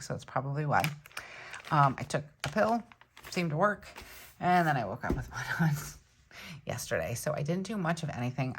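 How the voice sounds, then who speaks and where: Low, gravelly-voiced woman vlogging. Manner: chatty, warm-hearted, many ums. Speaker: planner channel host. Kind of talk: casual chat.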